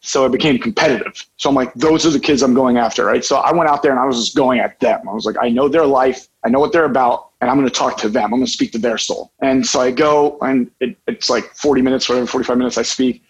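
A man, a life coach, talking in a casual podcast chat, telling a lively story and often checking in with "right?". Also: mid-range voice. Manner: energetic, fast storyteller saying "right?" often. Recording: slightly dull, lo-fi podcast audio.

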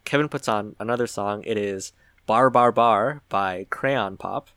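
A man's voice: fairly low pitch, unhurried, a bit bright, clear, resonant tone, no echo, studio quality. A man co-hosting a podcast, recapping an episode in casual chat with wry asides. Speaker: podcast co-host.

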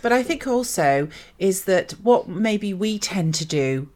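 A woman co-hosting a casual faith-based podcast chat. She speaks in a thoughtful, measured way and sometimes teases playfully. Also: medium pitch, expressive, darkish tone. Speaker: podcast co-host.

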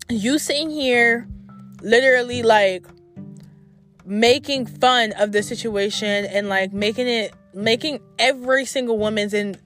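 A young adult woman telling a story to her camera in a blunt, profane, exasperated storytime rant. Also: medium pitch. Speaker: vlogger.

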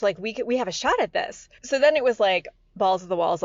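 A woman hosts a podcast and talks straight to her listeners in a chatty, animated monologue. Her voice sits at an ordinary middle pitch. The recording sounds a little dull. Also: a little fast, dry recording. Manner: animated, chatty storytelling with lots of fillers. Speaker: podcast host. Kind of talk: casual monologue.

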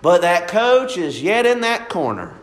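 A young man preaching a sermon, fervent and drawn-out, moving between soft and emphatic lines. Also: high-pitched, very animated.

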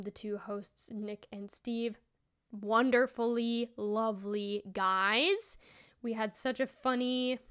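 A woman talks alone into the mic for her podcast in a smooth, resonant voice that sits a little high. Her chat is loose and rambling, full of laughs and restarted sentences. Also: fairly bright tone. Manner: chatty and rambling, laughing often, restarting thoughts. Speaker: podcast host. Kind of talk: solo casual podcast chat.

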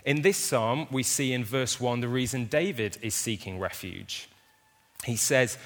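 A man's voice: medium pitch, expressive, normal speed, fairly bright tone, big-room sound. A man preaching a sermon to a congregation, talking casually and telling stories with touches of humor. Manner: casual, conversational storytelling with humor. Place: church hall with an audience.

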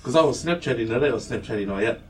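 An animated New man telling stories on a casual podcast, swearing freely and acting out quotes. He sits back from the mic, with a faint hum of the room around him. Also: medium pitch, rapid-fire, distant mic. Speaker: podcast co-host. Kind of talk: casual chat, storytelling.

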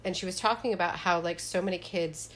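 Bright-voiced chatty woman, low pitch. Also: fast talker, a little hiss or hum. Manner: chatty, emphatic, swears freely. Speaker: podcast co-host. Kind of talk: casual chat.

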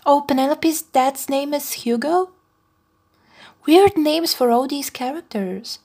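A woman's voice: high voice, lively intonation, slow pace, darkish tone. A woman chattily narrating the plot of a film as she watches it. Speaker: co-host film reviewer. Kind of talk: casual commentary while watching a film.

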